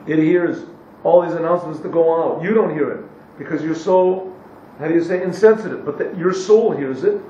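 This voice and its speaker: A man teaching a class, translating a text phrase by phrase into English and pausing often to search for the right word. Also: fairly high pitch, dark tone, a little hiss or hum. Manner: pauses to search for English words. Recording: echoey, distant, dull lo-fi room recording.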